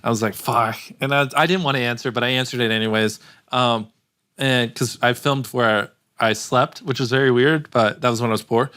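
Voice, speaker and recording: A man's voice: mid-range voice, steady tone, normal speed, a bit bright, smooth. A man as a podcast guest in casual chat, telling stories in a rambling way with many filler words and easy laughs.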